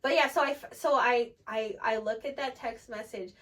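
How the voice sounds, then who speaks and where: A woman's voice: a little high, normal speed, fairly bright tone. A young woman telling a personal story in casual chat, candid and rambling, with frequent "like" and free swearing. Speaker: storyteller getting lashes done.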